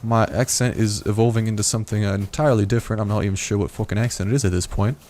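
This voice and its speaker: Low-voiced man rambling through gameplay. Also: steady tone, racing, a little mellow, slight background noise. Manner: rambling, chatty, peppered with "like". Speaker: gameplay video host. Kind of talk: casual gameplay commentary.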